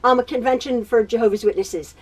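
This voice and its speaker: High-voiced chatty woman in her sewing room. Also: brisk, a little mellow, husky. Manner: rambling, laughs often, repeats and stutters. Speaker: quilting tutorial host. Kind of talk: chatty personal catch-up.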